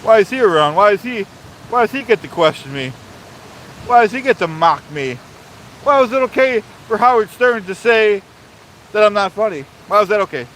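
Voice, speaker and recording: Outdoors by a waterfall, a man hosts a live stream, reading chat and ranting in a high, animated, fairly bright voice at a moderate pace. He pompously talks about himself in the third person and repeats his points in a mock-authoritarian way. The rough recording carries slight background noise.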